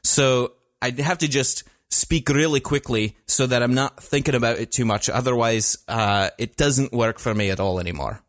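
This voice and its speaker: Regular guy chatting on a podcast, mid pitch, laughs a lot, lots of uhs. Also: normal speed, hardly any pauses, no room sound, studio quality. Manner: chatty, laughs often, hesitant fillers. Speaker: podcast co-host. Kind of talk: casual chat.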